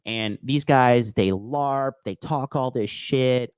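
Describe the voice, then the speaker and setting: A man's voice: medium pitch, takes it slowly, clean tone, no room sound. A man hosting a call-in dating advice show, talking bluntly and profanely in a lecturing way. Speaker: dating coach host.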